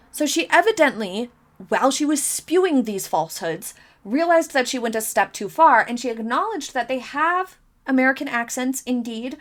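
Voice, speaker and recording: A woman in her thirties giving opinionated commentary, emphatic and incredulous, repeating her points for emphasis. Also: fairly high pitch. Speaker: commentary vlogger.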